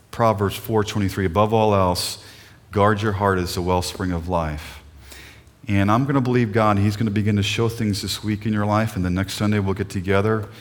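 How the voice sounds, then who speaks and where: A man's voice: fairly low pitch, in a large hall. A middle-aged male pastor preaching a sermon in an earnest, emotional way, often putting questions to the congregation.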